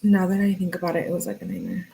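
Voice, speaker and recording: A woman's voice: lowish voice, big pitch swings, racing, creaky, warm tone. A woman hosting a true crime channel, chatting casually and thinking aloud as she reads through text messages.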